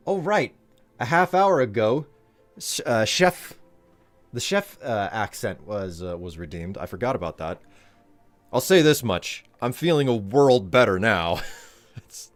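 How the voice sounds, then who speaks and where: A man streaming live, chatting casually in a rambling, chuckling, self-deprecating way. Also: medium pitch.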